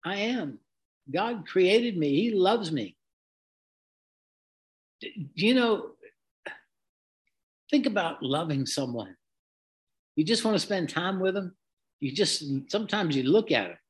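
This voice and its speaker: An earnest man talks through a devotional teaching on his podcast. He takes his time, unhurried and reflective, with folksy asides. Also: high-pitched, big pitch swings. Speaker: Christian podcast host.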